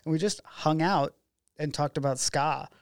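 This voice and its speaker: A man's voice: a little high, moderate pace, creaky, smooth, no echo, studio quality. A man, a documentary filmmaker guest, chatting casually in an interview and acting out the dialogue in his stories. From Oregon. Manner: animated storyteller who acts out quoted dialogue.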